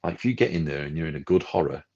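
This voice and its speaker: Gravelly man, podcast co-host, animated ranter, muffled stream audio. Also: extremely low pitch, rapid-fire. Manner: animated, ranting, acts out quoted people. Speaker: film club co-host. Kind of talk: casual podcast chat. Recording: dull lo-fi livestream audio.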